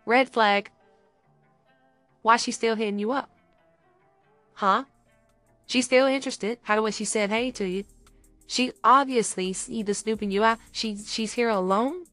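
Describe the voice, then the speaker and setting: A woman's voice: on the high side, measured pace, pauses often, dry recording, soft background music. A young woman co-hosting a podcast, chatting casually and giving dating advice, acting out little scenes as she talks. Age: young adult. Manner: animated, acts out little scenes with quoted voices. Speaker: podcast co-host.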